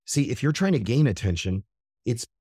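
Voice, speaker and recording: A man hosting a podcast, giving a blunt, forceful motivational monologue with some profanity. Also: mid-range voice, big pitch swings, moderate pace, slightly rough, no echo, studio quality. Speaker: podcast host.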